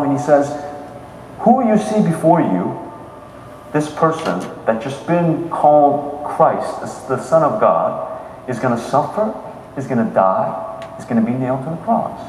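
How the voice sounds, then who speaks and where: Male pastor, animated sermon delivery, voice on the higher side, recorded far off in a reverberant hall. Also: slight background noise. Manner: animated retelling of scripture with many restarts. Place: church sanctuary. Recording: echoey hall with faint ambience.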